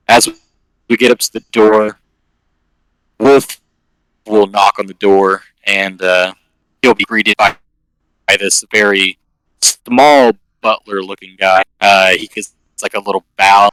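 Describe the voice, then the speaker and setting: A man narrates a tabletop game as its game master. His voice is bright and a little forceful, sitting on the low side, and it sounds dry and close. He rambles casually and fills the gaps with "um" and "like". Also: steady tone, slow pace, pauses often, smooth, no room sound, poor audio.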